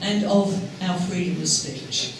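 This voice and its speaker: A man's voice: high-pitched, expressive. Formal man introducing a speaker. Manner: formal, measured. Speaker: event host introducing speakers. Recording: echoey hall, distant mic, noise.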